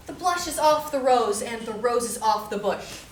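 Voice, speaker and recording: A woman on stage playing a sharp-tongued, mocking young daughter. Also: on the high side, expressive, normal speed, heavy background noise, lightly acted. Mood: sarcastic. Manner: dry, cutting, mocking. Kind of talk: stage play performance. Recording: roomy theater sound from a distance.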